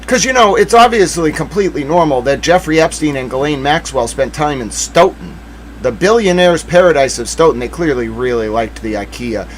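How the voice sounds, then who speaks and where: A man from Massachusetts hosts a casual livestream, riffing with heavy sarcasm and rambling jokes. His voice sits a little high, with a faint background hiss. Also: expressive, fairly quick, rough recording. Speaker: livestream host.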